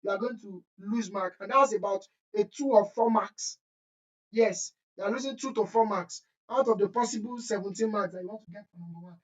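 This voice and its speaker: With a mid-range, brisk voice and poor audio, a woman teaches chemistry exam prep through a screen-share walkthrough. She drives points home emphatically, scolding and repeating the essentials.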